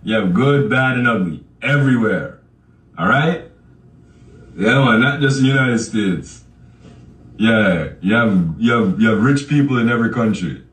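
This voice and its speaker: A man's voice: on the low side, animated, unhurried, a bit bright. A man hosting a podcast, ranting casually and profanely straight at his listeners, laughing often as he talks. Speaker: podcast host. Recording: echoey room, far from the mic.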